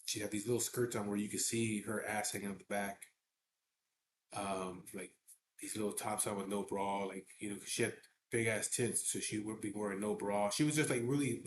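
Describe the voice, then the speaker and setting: This middle-aged man talks fairly quickly in a fairly low voice with mostly even intonation. Recounting something from his own life, he's casual, crude and blunt, double negatives included. Faint noise and room echo are audible.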